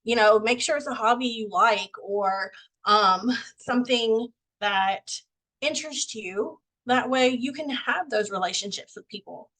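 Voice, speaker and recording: A woman's voice: a little high, measured pace, a bit bright, rough recording. A young woman on a video call giving a casual, folksy pep talk to her team, a bit out of breath. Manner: candid, folksy, self-deprecating. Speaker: team member sharing sales tips.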